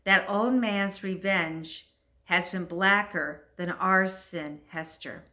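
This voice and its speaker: A woman reads as an anguished priest, a man torn between bitterness and forgiveness in an old New England tale. The delivery is slow and bright, reproachful and grave, read plainly from the page. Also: mid-range voice.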